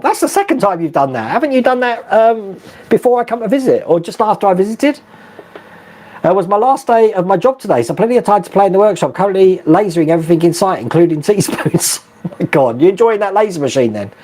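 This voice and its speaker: A man's voice: on the high side, darkish tone. A middle-aged man hosting a live stream, chatting casually, reading viewer comments and laughing often. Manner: chatty, laughs often, many fillers and restarts.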